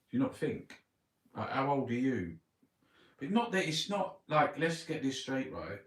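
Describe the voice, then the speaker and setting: Grumbling, sweary Cockney man, distant and roomy. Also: mid-range voice. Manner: grumbling, sweary, talks to himself. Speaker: newspaper review host. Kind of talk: rambling casual monologue. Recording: roomy, distant mic with background noise.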